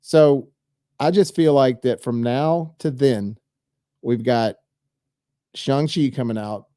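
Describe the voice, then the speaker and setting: A man's voice: mid-range voice, slow pace, dark tone, dry recording, studio quality. Rambling man hosting a movie news show. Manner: rambling, enthusiastic, talks straight to viewers. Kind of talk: casual solo commentary.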